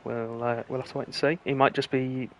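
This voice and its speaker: A man commentating live on an online racing stream, calling the action in a brisk play-by-play manner. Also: mid-range voice, a little hiss or hum. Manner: brisk play-by-play, rising excitement at close finishes. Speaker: lead commentator.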